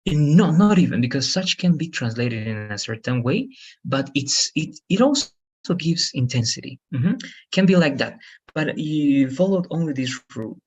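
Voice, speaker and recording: A man's voice: fairly high pitch, lively intonation, moderate pace, husky, highs cut off. A man teaching an English lesson, explaining grammar patiently and repeating himself, checking in with "all right" and "okay". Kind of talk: one-on-one online lesson.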